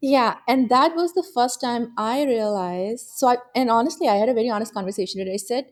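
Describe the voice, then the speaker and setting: A woman's voice: on the high side, fast, few pauses. Pakistani-accented woman telling stories. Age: middle-aged. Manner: earnest, laughs often, warm storytelling. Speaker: guest, security executive. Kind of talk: reflective interview talk.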